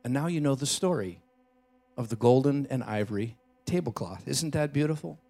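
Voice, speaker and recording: A man preaching a Christmas Eve sermon in a church, telling a story with dramatic shifts between loud and hushed delivery. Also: mid-range voice, lively intonation, moderate pace, vocal fry. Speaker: pastor.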